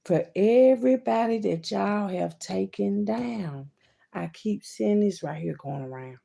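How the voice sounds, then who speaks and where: A woman giving a card-reading monologue, swinging between loud outbursts and hushed asides and calling her listeners "baby" and "child". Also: medium pitch, lively intonation, a little slow, creaky. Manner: talks to viewers as "baby" and "child".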